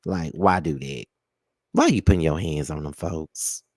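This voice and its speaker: A man's voice: normal speed, dry recording. Sassy man hosting gossip, dry sound. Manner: sassy, animated scolding with high exclaims; drawls terms like child and honey. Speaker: gossip show host. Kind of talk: live-streamed celebrity gossip chat.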